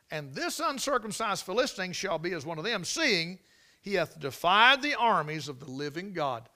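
A man preaching a sermon, telling the story dramatically and swinging from loud exclamations to near whispers. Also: sits high, sing-song, brisk.

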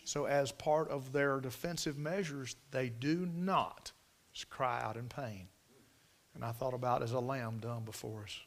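A man preaching a sermon in a folksy storytelling way, swinging from loud emphasis to hushed near-whispers. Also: medium pitch, fairly even intonation, moderate pace.

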